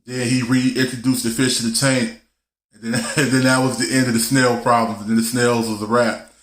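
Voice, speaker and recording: A man's voice: medium pitch, little pitch movement, normal speed. A man hosting a live stream, telling a story in a loose, slangy way and laughing as he goes. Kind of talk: casual storytelling chat. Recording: roomy echo.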